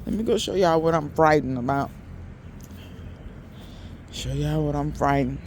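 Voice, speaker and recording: Male gardening vlogger, folksy and chatty, a bit high-voiced, faint outdoor noise behind. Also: a little slow. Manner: chatty, folksy, talks straight to viewers as y'all. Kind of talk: casual garden walkthrough vlog. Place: outdoors in a yard.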